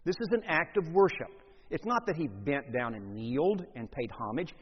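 A man with a slightly high, husky voice preaches a lively sermon and acts out the scenes. His pitch and volume swing widely. The sound is muffled and lo-fi, with a long reverb from a large church. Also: normal speed.

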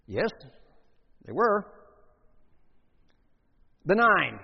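A man preaching a sermon in an animated way, acting out scenes with big swings in pitch and volume. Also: slow pace, long pauses. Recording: long hall reverb, muffled lo-fi sound.

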